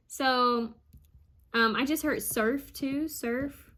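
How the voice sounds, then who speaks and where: A woman psychic medium reading out channeled messages, repeating each word she hears and pausing often with ums. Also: high voice, fairly even intonation, pushed and bright. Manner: hesitant with frequent ums.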